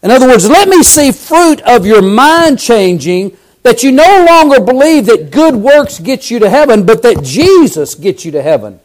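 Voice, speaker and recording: A man preaching a sermon, fervent, swinging from loud cries to hushed lines. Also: high-pitched.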